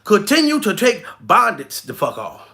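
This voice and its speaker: A man, a comedian, telling a profane, animated story in a vlog, laughing often. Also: high-pitched, normal speed, creaky. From New York.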